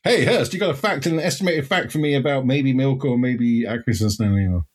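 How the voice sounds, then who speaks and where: A man co-hosting a podcast, animated and joking, swearing casually. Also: medium pitch, brisk, breathy edge. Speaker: podcast co-host. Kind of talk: casual chat.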